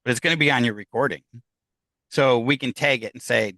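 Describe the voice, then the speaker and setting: A man's voice: medium pitch, brisk, pushed and bright, no room sound. A man who investigates the paranormal, chatting casually in an interview, rambling with many restarts and fillers. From United States.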